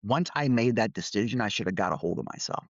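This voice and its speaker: A man's voice: fairly low pitch, animated, fast talker, no room sound, dull audio. A middle-aged man co-hosting a podcast, candidly telling a workplace story with quoted dialogue. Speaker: podcast co-host.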